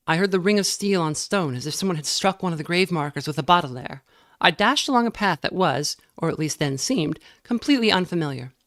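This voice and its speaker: A woman reading a novel aloud in a measured way, now and then stumbling and correcting herself. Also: deep voice, a bit bright, dry recording, clean studio sound. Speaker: reader.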